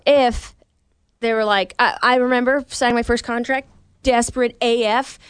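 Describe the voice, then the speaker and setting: A woman co-hosting a podcast, chatting casually in an animated, rambling and blunt way with some swearing. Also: fairly high pitch, normal speed, smooth. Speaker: podcast co-host. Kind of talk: casual chat.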